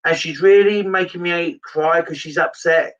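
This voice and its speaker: Man, medium giving a live reading, earnest, rambling, slightly high pitch, far from mic. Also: fairly even intonation, moderate pace, a bit bright, lo-fi sound.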